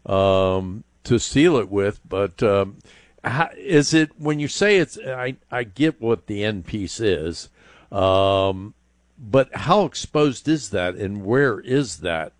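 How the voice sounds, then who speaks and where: A man with a low, fairly deep voice answers a caller's home repair question on a talk show. He thinks aloud as he goes, with plenty of fillers and stop-start phrasing. The sound is close and dry, with almost no room behind it. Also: lively intonation, slow pace, dry recording. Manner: hesitant, thinking aloud, with many fillers and restarts. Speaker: home improvement radio show host. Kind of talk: call-in advice talk.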